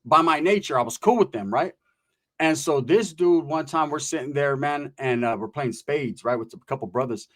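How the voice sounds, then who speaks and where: A man from California telling a story in casual chat, with rapid, profane, animated street slang. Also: on the high side.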